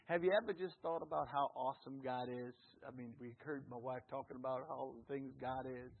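A man preaching a sermon with call-and-response, jokes and an earnest, hushed prayer. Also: medium pitch, brisk, gravelly. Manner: call-and-response, jokey and lively. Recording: tinny phone-like lo-fi sound.

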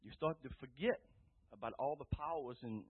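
A man giving an earnest, rambling personal testimony to a church group, rising loud when he quotes himself, with a tinny phone-like sound. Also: medium pitch, normal speed, slightly rough. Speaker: testimony speaker.

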